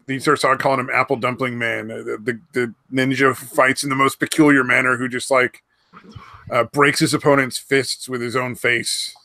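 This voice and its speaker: A man's voice: medium pitch, level tone, moderate pace, bright, forceful tone, dry recording. A man chatting casually on a podcast, rambling, swearing freely and trailing off mid-thought. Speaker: podcast host. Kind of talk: casual chat.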